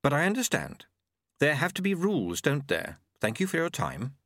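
A man voicing a calm, determined young woman who speaks in a measured, gently persistent way. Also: fairly high pitch, no echo, studio quality, pitched above the performer's own voice, exaggerated voice. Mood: gentle.

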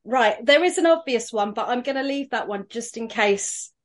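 A woman's voice: fairly high pitch, animated, normal speed. A woman guest on a podcast, telling stories chattily with plenty of fillers. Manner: chatty storyteller with many fillers. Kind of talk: casual chat.

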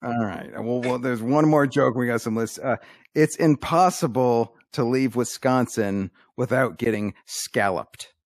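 A man runs through a string of corny one-liners on a casual podcast and delivers them deadpan. His voice sits at a middle pitch, and the sound is close and dry with no room echo. He keeps nudging his listeners to laugh. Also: measured pace. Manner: deadpan joke delivery, coaxing laughs with "come on". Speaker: podcast co-host telling jokes.

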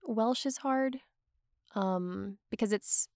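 A woman's voice: medium pitch, slow pace, a little mellow, no echo, clean studio sound. A woman talking in a casual chat, full of "like" and "um" fillers. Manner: chatty, lots of "like" and "um" fillers.

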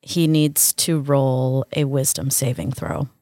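A woman's voice: very deep voice, steady tone, takes it slowly, warm tone, no echo. A woman playing a tabletop game, gleeful and blunt, laughing often. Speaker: player. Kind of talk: casual tabletop game chat.

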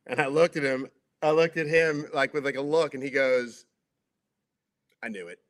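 A man's voice: fairly high pitch, fairly even intonation, moderate pace. Chatty middle-aged man giving advice. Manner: chatty, many fillers and restarts. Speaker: former TV sports broadcaster, interview guest. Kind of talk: casual interview chat.

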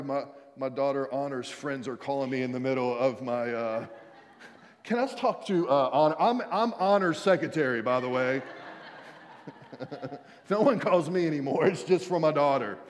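Energetic pastor, echoing church hall. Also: male voice, fairly high pitch. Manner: energetic, calls out to the congregation, jokey asides. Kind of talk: sermon. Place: church sanctuary. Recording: long church hall reverb.

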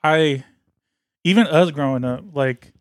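A man's voice: on the high side, measured pace. A young man co-hosting a podcast, talking in laid-back slang with frequent swearing and chuckles. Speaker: podcast co-host. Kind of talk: casual chat.

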